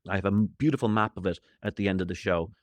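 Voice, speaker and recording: Irish male comic, middle-aged, rapid patter, lowish voice, jokey tangents. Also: no echo. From Ireland. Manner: jokey, rambling, playful asides; acts out quoted voices. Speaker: comedian guest. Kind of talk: animated interview chat.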